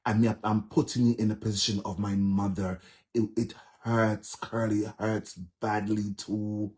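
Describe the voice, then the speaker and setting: Earnest Jamaican man, low voice, pleading. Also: flat delivery, a little slow, a little mellow. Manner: earnest, pleading, heavy repetition. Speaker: live streamer. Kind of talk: casual live-stream monologue.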